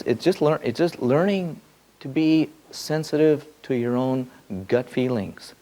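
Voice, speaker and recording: A man giving a spiritual teaching in a loose, repeating way, swinging between soft musing and sudden excited bursts. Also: fairly high pitch. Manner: repeats words and restarts often. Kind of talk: spoken teaching to a group.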